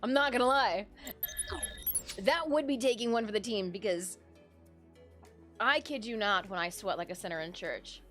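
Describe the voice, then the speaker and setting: A young adult woman streamer from Michigan, chatting casually with her viewers and often breaking into loud laughter. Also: medium pitch, expressive, moderate pace, long pauses, soft background music. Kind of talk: casual live-stream chat while drawing.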